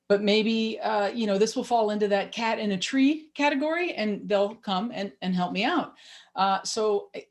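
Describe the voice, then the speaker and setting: A woman in her thirties telling a personal story to an audience, lively, wry and self-mocking, heard over a video call. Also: mid-range voice.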